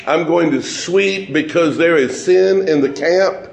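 A man's voice: on the high side, gravelly, a little mellow, a little hiss or hum. Fervent male preacher in an echoey church. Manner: impassioned preaching with repetition and dramatic slowdowns. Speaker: pastor. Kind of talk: sermon. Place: church sanctuary.

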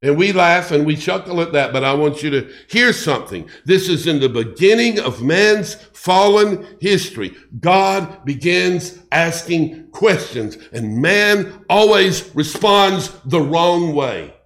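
A male pastor preaching in a slow, emphatic way, repeating phrases for weight. His voice sits a little high for a man, and he takes his time with every line. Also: expressive, a bit bright. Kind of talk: sermon.

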